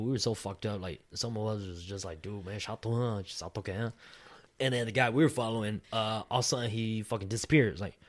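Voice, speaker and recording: Young man, casual chat, rambling, laughs often, slangy and profane. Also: lowish voice. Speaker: storyteller.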